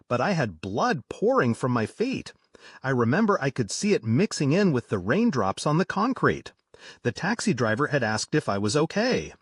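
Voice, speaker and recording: A man reading a true horror story aloud in a lively, dramatic narrating manner. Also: fairly high pitch, dry recording, clean studio sound.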